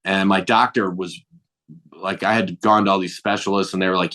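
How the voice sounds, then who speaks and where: Animated man telling road stories. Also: low voice, fairly quick. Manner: animated, acts out dialogue, swears casually. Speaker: comedian guest. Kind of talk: casual storytelling.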